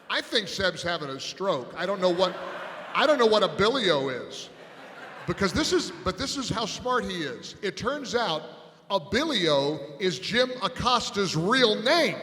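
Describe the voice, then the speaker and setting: A radio talk host telling an animated story to a live audience, building to loud punchlines, on a stage microphone. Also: male voice, high voice, a little slow, slight background noise. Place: large event hall on stage. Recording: long reverb in a big hall.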